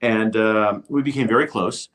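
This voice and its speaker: A man's voice: fairly low pitch, normal speed. Older man telling a showbiz story. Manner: lively storyteller acting out quoted voices. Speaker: guest, TV host. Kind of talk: storytelling anecdote.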